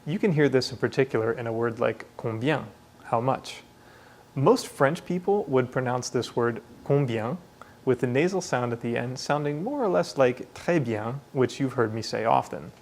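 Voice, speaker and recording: A man teaching French in a clear, explanatory way, modeling pronunciations. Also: mid-range voice, expressive, normal speed. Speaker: language teacher. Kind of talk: scripted lesson narration.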